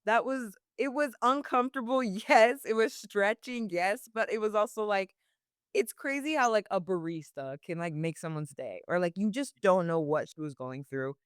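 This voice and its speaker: A woman's voice: mid-range voice, moderate pace, clean tone, no room sound, studio quality. A young woman working as a barista, answering interview questions casually with many "like" fillers and frequent laughs.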